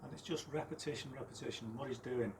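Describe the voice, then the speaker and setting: A man teaching dog training outdoors, explaining calmly between high, sharp commands to his dog. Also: quick pace, background noise. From United Kingdom. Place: outdoors with ambient noise. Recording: roomy, distant from the mic, faint ambience.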